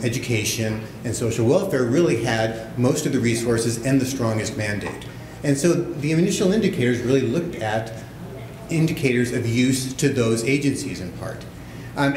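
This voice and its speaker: Male conference panelist, casual and self-mocking, in a roomy hall with background noise. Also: mid-range voice. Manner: joking, self-deprecating, conversational. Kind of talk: conference talk with jokes. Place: large conference room with audience. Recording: echoey room, background noise. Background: audience laughter.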